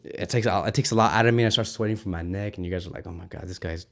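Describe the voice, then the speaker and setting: A man hosting a football fan channel, giving an excited, ranting reaction to a match and repeating himself when worked up. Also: fairly low pitch, very fast.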